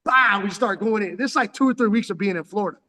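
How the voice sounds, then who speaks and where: Guy spinning loose street stories into his phone, raised pitch, lots of slang and swearing, in a reverberant space. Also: quick pace, pushed and bright. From San Diego, California. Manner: profane slang, calls listener "dog" constantly. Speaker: vlogger telling life stories. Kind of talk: rambling street storytelling. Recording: long hall reverb.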